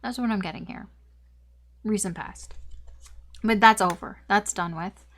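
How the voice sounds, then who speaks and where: A woman's voice: medium pitch, measured pace, a bit bright. Chatty woman rambling through a tarot reading. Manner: chatty, rambling, swears, many fillers. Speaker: tarot reader.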